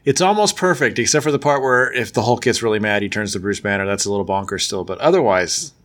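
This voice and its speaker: A man's voice: lowish voice, quick pace, a bit bright. A man in casual chat about comics, making dry, sarcastic asides. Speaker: podcast co-host.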